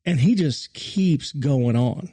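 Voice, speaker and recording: A man who is a pastor, telling a personal story in a casual podcast chat, animated and poking fun at himself. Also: medium pitch, slow pace, husky. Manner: animated, self-mocking storyteller.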